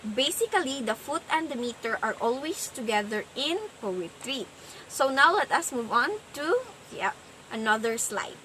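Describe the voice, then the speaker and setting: A woman giving a class presentation, explaining things slowly and sounding out rhythms. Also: sits high, big pitch swings, bright, forceful tone, slight background noise, low-quality recording. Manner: slow, explanatory, sounds out stress patterns. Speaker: student presenter.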